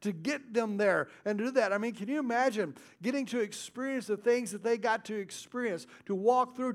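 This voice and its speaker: A male pastor with a high voice preaches a sermon, his delivery moving between loud stresses and hushed, intimate asides.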